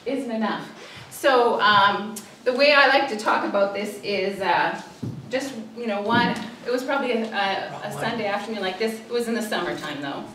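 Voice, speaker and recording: A woman's voice: mid-range voice, animated, normal speed, hardly any pauses, a bit bright. Social worker, woman, hesitant storyteller speaking from a distance in a big echoey hall with faint room noise. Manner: storytelling, acts out cries for help; hesitant, many fillers. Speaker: social worker giving a talk. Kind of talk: public talk with slides. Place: church hall.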